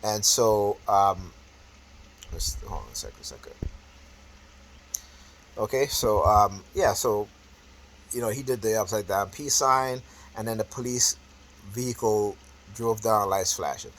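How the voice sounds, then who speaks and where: A man's voice: on the low side, measured pace, pauses often, fairly bright tone, slight background noise, poor audio. A man vlogging in a casual talk to camera, emphatic and repetitive, checking in often with "right?" and "okay?" and correcting himself as he goes. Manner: restarts and self-corrections, talking off the cuff.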